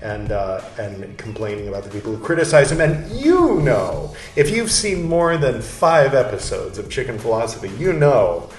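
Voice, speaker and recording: A man's voice: mid-range voice, very animated, moderate pace, hardly any pauses, distant mic. A male podcast host reading a historical text aloud, speaking each "quote" and "end quote" marker, then moving into candid, chatty commentary. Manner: candid, chatty asides with fillers. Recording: roomy echo, off-mic, faint music.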